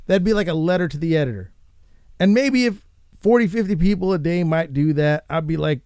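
A man hosting a casual show, ranting and swearing in a rambling, animated way. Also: high voice, brisk, clean tone, dry recording, clean studio sound. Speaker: podcast host.

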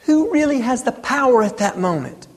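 A man in his thirties delivers a sermon with a fairly high voice. He builds his points through rhetorical questions and emphatic delivery. His voice rings out with the long reverb of a large hall. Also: lively intonation, moderate pace. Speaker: pastor.

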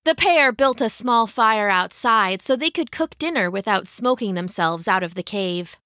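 A woman storyteller reading a scripted children's story aloud in an even, unhurried way. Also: mid-range voice, no echo, studio quality. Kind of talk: scripted narration.

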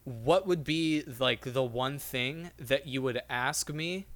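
A man's voice: mid-range voice, slow pace, a bit bright. A young man co-hosting a casual chat, rambling with lots of fillers and casual swearing.

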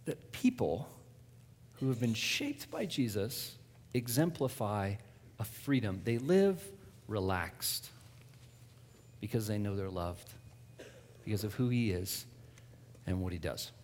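A man giving an animated personal faith testimony, acting out his own past words as he tells the story. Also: on the low side, slow, pauses often, a little hiss or hum. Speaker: guest speaker. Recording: long reverb of a large hall.

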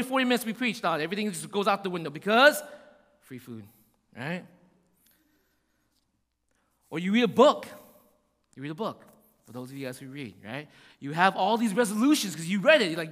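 A man preaching a sermon in an animated way, acting out voices and often asking "right?". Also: high-pitched, fairly quick, in a large hall. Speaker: pastor.

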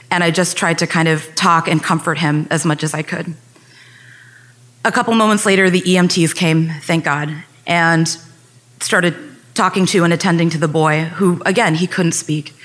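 A woman's voice: fairly low pitch, a bit bright. A young adult woman telling a personal story on stage, earnest and reflective, speeding up when recalling tense moments.

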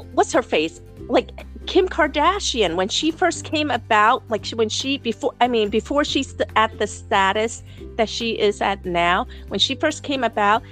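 Blunt New woman podcaster. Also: medium pitch. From New York City. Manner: blunt, animated, swears freely, many fillers and restarts. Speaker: podcast co-host. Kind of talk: casual chat.

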